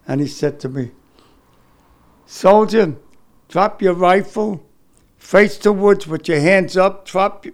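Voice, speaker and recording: Gravelly older New man. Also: fairly high pitch. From New York City. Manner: halting, repeats words, emotional. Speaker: war veteran recounting his experience. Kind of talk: oral history testimony.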